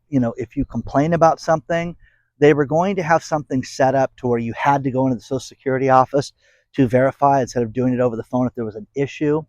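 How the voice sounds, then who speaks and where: A man's voice: mid-range voice, dry recording, low-quality recording. A man hosting a casual commentary channel, rambling and sarcastic as he talks straight to his viewers. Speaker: host of an economy commentary channel.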